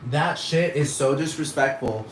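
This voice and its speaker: Man, mid-pitch, rambling profane rant, exasperated, roomy echo and faint noise. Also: unhurried. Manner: swears constantly, rambling, scoffing and exasperated. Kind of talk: profane ranting monologue. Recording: echoey room with faint noise.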